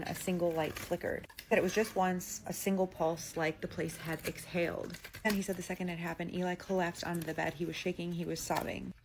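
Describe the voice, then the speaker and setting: A woman's voice: sits low, creaky, background noise. A woman telling viewer-submitted stories in a casual, conversational way, often saying "like" as she goes. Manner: chatty, conversational, with frequent "like" and "he's like". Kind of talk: casual storytelling to camera.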